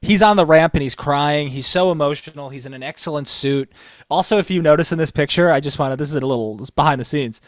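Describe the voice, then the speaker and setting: Talking fast with no room sound around him, a wrestling podcast co-host tells stories in a casual way. His enthusiasm grows as he goes, and his pitch climbs when he gets excited.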